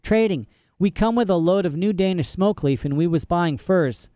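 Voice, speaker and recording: A man reading an audiobook, voicing a wary, stubborn eleven-year-old girl who speaks in rough, ungrammatical phrases. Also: high-pitched, moderate pace, warm tone, no echo, studio quality, voice pushed up, lightly acted. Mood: evasive. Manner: rough ungrammatical speech, mumbling.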